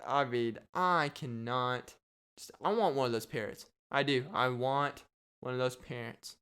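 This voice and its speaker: Rambling man with a smooth voice. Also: medium pitch, a little slow, fairly bright tone. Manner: rambling, jokey, riffs and repeats himself. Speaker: podcast host. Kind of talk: solo comedic podcast rant.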